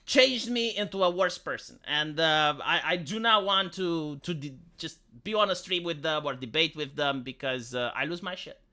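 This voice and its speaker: A woman with a Romanian accent and a squeaky voice, ranting heatedly on a casual live stream and often stumbling over repeated words. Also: sharp tone. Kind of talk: casual livestream chat.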